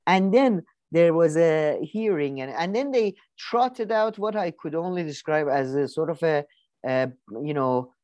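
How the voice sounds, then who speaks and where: A woman's voice: low voice, expressive, unhurried, darkish tone, no echo. A woman co-hosting a podcast, talking politics in a casual, sardonic way with lots of fillers and restarts. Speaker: podcast co-host.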